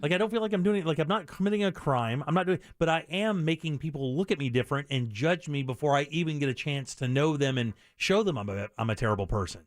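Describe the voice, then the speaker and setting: A man hosting a call-in radio show, his voice sitting a little high for a man. He talks in an animated, self-deprecating way, tripping over quick restarts. The studio mic sounds close and dry. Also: no room sound. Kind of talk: casual call-in radio chat.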